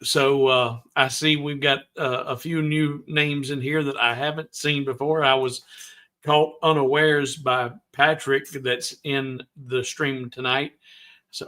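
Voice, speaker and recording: Slow, halting man with a bright voice. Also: mid-range voice, little pitch movement. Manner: halting, frequent stutters and restarts; slow, deliberate delivery. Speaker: livestream host. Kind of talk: casual live stream chat.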